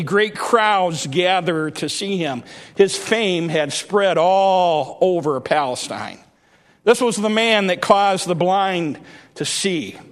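A male preacher delivering a sermon, retelling a story dramatically and acting out the voices. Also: high-pitched.

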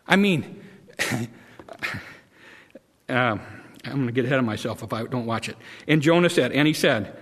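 A man preaching a sermon in a folksy, halting way, acting out voices with repeated words. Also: medium pitch, expressive, a bit bright. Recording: long hall reverb.

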